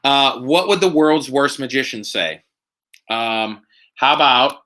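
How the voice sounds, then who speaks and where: A man's voice: mid-range voice, slow pace, bright, forceful tone. A man hosting a casual live stream from home, tipsy from drinking, rambling and joking with lots of fillers. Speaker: host.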